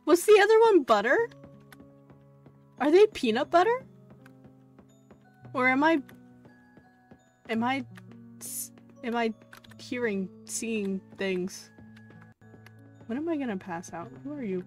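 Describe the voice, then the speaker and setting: Excitable girl streamer, slow and kinda high, coos at everyone, swears a bit. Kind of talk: casual game commentary. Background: faint game music.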